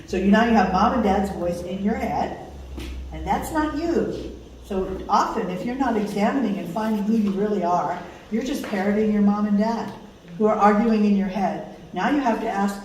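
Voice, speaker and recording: An older woman speaking to a small class in a conference room, chatty and quick to laugh. Her voice reaches the mic from across a very echoey room, with a faint hiss underneath. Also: mid-range voice, recorded from a distance. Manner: warm, laughing, conversational teaching. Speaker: course teacher. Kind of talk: informal talk to a small group.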